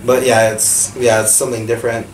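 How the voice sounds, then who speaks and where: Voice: medium pitch, level tone, brisk, over a noisy crowd. A co-host in a casual TV recap chat, talking like an enthusiastic fan with lots of fillers. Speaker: podcast co-host. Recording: echoey room, far from mic, faint hiss.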